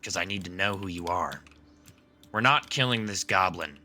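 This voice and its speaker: A man's voice: sits low, expressive, normal speed, bright, forceful tone. Curt commanding man. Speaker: player. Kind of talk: in-character tabletop play.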